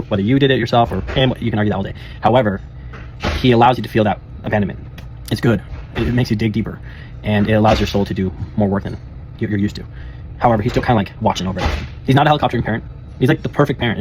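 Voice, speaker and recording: A young life coach rambles through a personal monologue, casual and earnest, often laughing and restarting sentences. His voice is on the low side and rapid-fire, with a noisy background.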